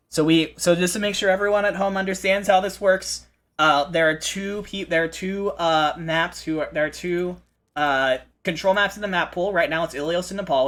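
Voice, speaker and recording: A man hosting a live esports broadcast, commentating with excitable energy and frequent restarts. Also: on the high side. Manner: excitable, fast restarts and repeated phrases. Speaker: esports play-by-play host.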